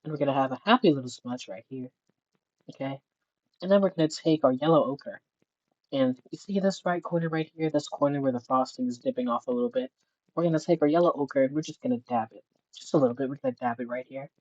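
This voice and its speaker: A streamer imitating a gentle, soft-spoken male TV painting teacher who gives slow, coaxing step-by-step instructions in a hushed voice. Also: medium pitch, dry recording, lo-fi sound, close to an everyday voice. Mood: soothing.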